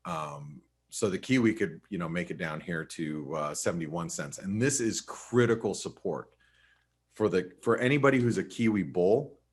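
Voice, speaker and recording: A man's voice: low-pitched, moderate pace, husky. A man hosting a live webinar, talking viewers through charts in a casual, chatty way, with frequent restarts and fillers. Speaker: host and market analyst.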